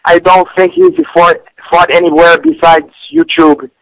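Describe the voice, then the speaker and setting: A man, chatting on a comedic radio show in broken English, with lots of stammered restarts and sudden jumps in pitch. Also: flat delivery, unhurried, fairly bright tone, no echo, low-quality recording. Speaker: fight picks guest. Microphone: studio radio mic.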